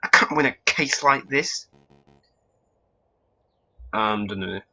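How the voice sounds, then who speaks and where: A man's voice: medium pitch, slow, pushed and bright, faint music behind. Wry man casually playing a game. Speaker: let's play host. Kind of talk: casual game commentary and reading. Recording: dull lo-fi recording.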